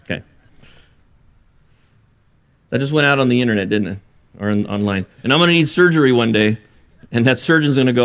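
A man's voice: mid-range voice, fairly quick, long pauses, a bit bright. A man preaching a sermon, earnest and building to emphatic bursts, with joking asides. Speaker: pastor.

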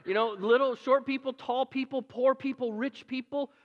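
A man's voice: extremely high pitch, steady tone, normal speed, in a large hall, highs cut off. A man preaching a conversational sermon to a congregation, with playful asides and repeated words. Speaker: pastor.

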